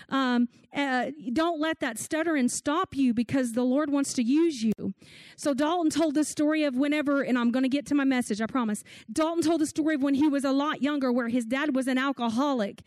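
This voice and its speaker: A woman's voice: sits high, no room sound. A middle-aged woman, preaching a sermon in an earnest storytelling way. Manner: earnest storytelling with church-talk and restarts.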